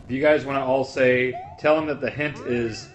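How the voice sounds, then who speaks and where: A man's voice: medium pitch, normal speed, muffled recording. A man giving casual, teasing commentary on someone else's stream, swearing freely. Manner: teasing, profane, animated.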